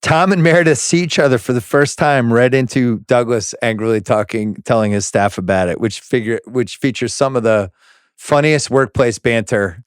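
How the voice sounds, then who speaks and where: Brisk male podcast host, dry mic. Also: medium pitch, smooth, no room sound. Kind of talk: casual movie podcast chat.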